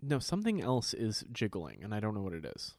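A man co-hosting a podcast in casual chat, animated and sarcastic, swearing freely. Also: lowish voice, fairly quick, dry recording, clean studio sound. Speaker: podcast co-host.

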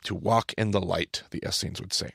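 A man's voice: sits low, steady tone, brisk, vocal fry, a bit bright, breathy edge, no room sound, clean studio sound. A man hosting a podcast, explaining things in a casual teaching style, emphatic and often correcting himself mid-sentence.

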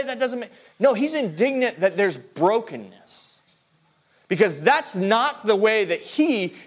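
A male pastor giving a sermon, preaching earnestly, swinging between hushed and emphatic, often stopping and restarting mid-phrase. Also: high-pitched.

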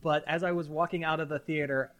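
A man hosting a casual podcast chat, animated and often stumbling and repeating his words. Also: a little high, fast talker. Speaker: podcast host.

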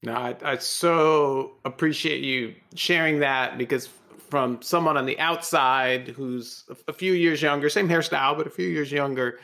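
A man's voice: on the high side, measured pace, creaky, hardly any pauses, bright, forceful tone. A man hosting a podcast interview, jumping in eagerly with stammered restarts. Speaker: podcast host. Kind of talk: conversational interview.

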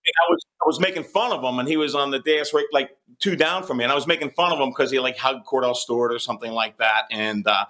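A middle-aged man talks quickly as a guest comedian, spinning loose anecdotes. His voice has a bright, forceful edge. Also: medium pitch. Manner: fast, animated storyteller. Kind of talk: casual chat.

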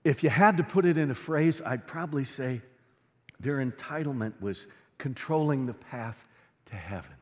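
A middle-aged male pastor preaching a sermon, swinging from quiet, low lines to loud, fervent ones. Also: normal speed. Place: church sanctuary. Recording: long reverb of a large hall.

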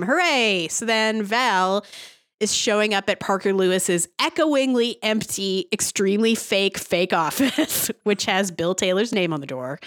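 A woman recaps a TV episode on a podcast, sarcastic and quick to giggle. Her voice sits slightly low, and the sound is dry and close. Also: dry recording. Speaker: podcast host.

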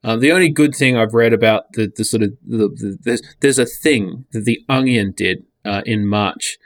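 A man's voice: on the low side, moderate pace, no echo, studio quality. Blunt, sweary man in casual chat. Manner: blunt, sweary, restarts a lot.

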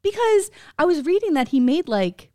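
Animated, cursing Florida woman host. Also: very high voice, moderate pace, dry recording, clean studio sound. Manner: profane, animated, laughs often. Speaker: podcast co-host. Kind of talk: casual chat.

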